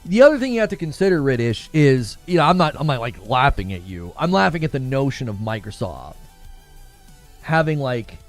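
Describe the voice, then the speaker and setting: A man's voice: mid-range voice, big pitch swings, brisk, faint music behind. A man hosting a casual gaming livestream, reading chat and talking back to it, laughing often.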